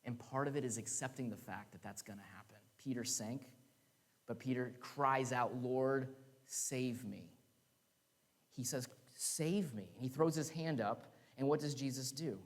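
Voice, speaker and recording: A man's voice: mid-range voice, normal speed. Man preaching in a reverberant church. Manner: conversational, laughing asides, acted quotes. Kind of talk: sermon. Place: church sanctuary.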